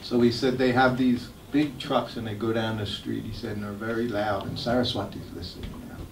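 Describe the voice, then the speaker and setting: An older man, telling stories about his memories in an animated way and laughing as he goes. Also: mid-range voice, fairly quick, slight background noise. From United States. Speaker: guest speaker sharing memories. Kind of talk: anecdotal storytelling talk. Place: temple hall. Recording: echoey hall, mic at a distance.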